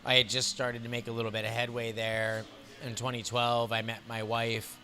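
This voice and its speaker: Man, American accent, 30s, comedian, storytelling, profane, animated, laughing. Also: medium pitch, normal speed, faint music behind. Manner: animated, profane anecdote telling with frequent laughs. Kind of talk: storytelling interview. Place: bar.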